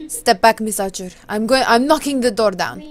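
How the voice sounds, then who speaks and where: A woman reading the lines of a composed, formal male count aloud from a visual novel, in a measured, matter-of-fact way. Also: mid-range voice, animated, darkish tone, close to an everyday voice. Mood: calm, steady.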